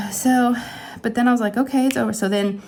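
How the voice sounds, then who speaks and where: A woman's voice: on the high side, fairly even intonation, normal speed, warm tone, slight background noise. A woman in her forties, a craft channel host, telling a candid personal story in a rambling, emotional way from her home craft room.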